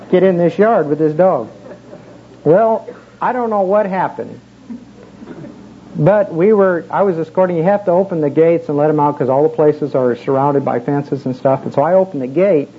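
A man preaching a casual sermon, telling a personal story in a folksy, conversational way with many fillers. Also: a little high. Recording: muffled with faint background hiss.

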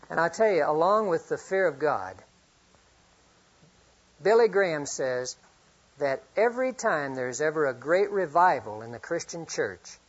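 A middle-aged man preaching a sermon, earnest, reading scripture often and swinging from loud to hushed. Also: a little high, husky. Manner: reads scripture aloud often. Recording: dull lo-fi recording.

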